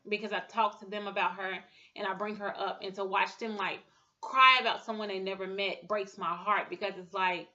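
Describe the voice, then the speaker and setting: A woman in her thirties giving an emotional personal testimony, halting and full of fillers and restarts. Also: medium pitch, sharp tone, dull audio. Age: 30s. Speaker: speaker sharing a personal testimony.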